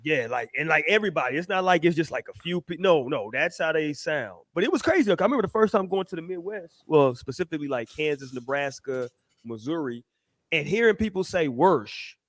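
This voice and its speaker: A man's voice: fairly high pitch, expressive, fast, fairly bright tone, dry recording. A man, co-hosting a relationship podcast in laid-back, slangy, chatty talk. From Texas. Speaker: podcast co-host. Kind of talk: casual chat.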